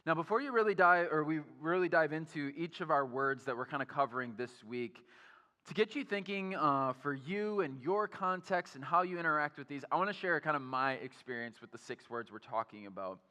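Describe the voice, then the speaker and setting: A man's voice: on the high side, expressive, fairly quick, sharp tone, long reverb tail. A man in his thirties preaching a sermon, telling personal stories in a casual way full of fillers. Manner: casual, storytelling, many fillers like "like". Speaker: pastor. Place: church sanctuary.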